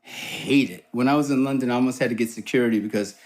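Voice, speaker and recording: A man chatting as a podcast guest, telling stories with lively pitch and acting out the voices he quotes. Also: quick pace. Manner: animated storyteller, acts out quoted voices with jumps in pitch. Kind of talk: casual chat, storytelling.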